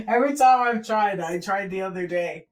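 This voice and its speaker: A woman's voice: mid-range voice, normal speed. A woman co-hosting a podcast in casual chat, laid-back and teasing, swearing casually. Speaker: podcast co-host.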